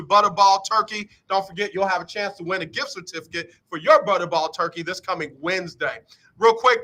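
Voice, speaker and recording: A man hosting a casual radio sports talk show, brisk and upbeat, calling on guests by name for their picks. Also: sits high, pushed and bright, poor audio.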